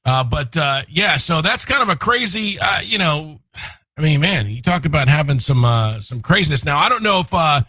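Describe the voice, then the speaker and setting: A man's voice: a little high, lively intonation, moderate pace, pushed and bright, dry recording. A man co-hosting a live morning show, talking in a rambling way with lots of fillers. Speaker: co-host.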